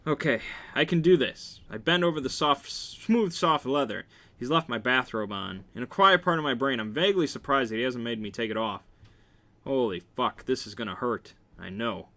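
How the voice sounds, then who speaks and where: Reading a novel aloud at a moderate pace, a man uses lively intonation and a bright, forward tone at middling pitch. He keeps things wry and casual, slipping jokes in between passages.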